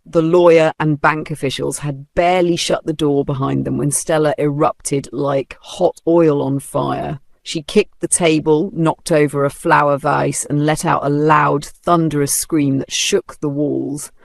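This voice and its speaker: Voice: mid-range voice, fairly even intonation, measured pace, vocal fry, hardly any pauses, no room sound, clean studio sound. A narrator telling a dramatic folktale in a vivid storybook style.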